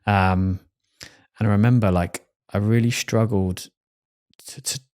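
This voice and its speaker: Podcast host, low voice, open and candid, laughs a lot. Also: male voice, fairly even intonation, a little slow, darkish tone. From England. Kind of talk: casual podcast conversation.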